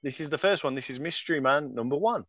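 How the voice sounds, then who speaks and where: A man's voice: a little high, quick pace, background noise. A man from Britain hosting a casual podcast, upbeat and joking as he runs the segments. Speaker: podcast host. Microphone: headset or desk mic with earphones.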